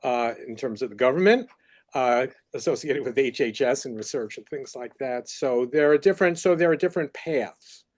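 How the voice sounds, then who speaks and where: A man's voice: mid-range voice, expressive, normal speed, a little mellow. A man with a New York accent, a faculty researcher explaining career paths in a chatty, filler-heavy way on a university panel. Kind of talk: panel discussion.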